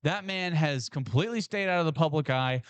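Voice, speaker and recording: A man co-hosting a sports podcast in casual, excitable talk with emphatic restarts. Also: a little high, brisk, smooth, dry recording, lo-fi sound.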